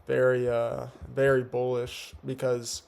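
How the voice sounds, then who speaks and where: A man's voice: medium pitch, completely flat delivery, a little slow, creaky, darkish tone, clear, resonant tone. A young man giving a laid-back, slangy recap of his trading day, talking with a slight lisp from teeth whitening strips. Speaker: day trader. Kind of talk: casual trade recap. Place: home at night.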